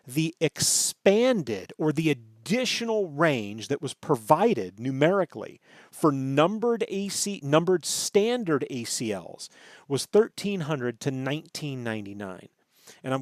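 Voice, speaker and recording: Brief animated male lecturer who checks himself and leans on key words, close dry mic. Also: a little high, measured pace, dry recording. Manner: thinks aloud, self-correcting, stresses terms, asks "right?". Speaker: networking instructor. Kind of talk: screen-recorded lecture.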